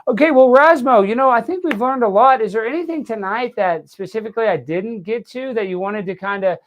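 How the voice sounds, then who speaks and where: A man hosting a casual interview show, loud and joking, rambling with sudden yells. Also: very high-pitched, fairly quick. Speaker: show host. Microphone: video call setup.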